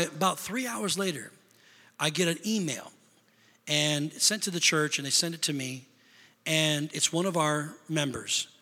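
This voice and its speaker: Storytelling preacher man in a hall. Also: a little high. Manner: storytelling preacher, swings from loud bursts to hushed confession. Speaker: pastor. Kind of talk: sermon. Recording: long hall reverb.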